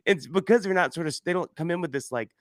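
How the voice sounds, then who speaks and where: A man's voice: on the high side, fast, heavy background noise. A man hosting a casual conversation who tells stories with lots of laughter and acts out the people he quotes in raised voices. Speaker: podcast host.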